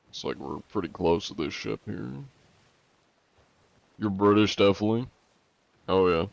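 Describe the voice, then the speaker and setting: A man's voice: on the low side, fairly even intonation, normal speed, gravelly, long pauses, dry recording, muffled recording. A man streaming a game and chatting with viewers in a joking, teasing way, with a put-on Russian accent. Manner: joking, teasing, playing a mock-Russian persona. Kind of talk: casual livestream gaming chat.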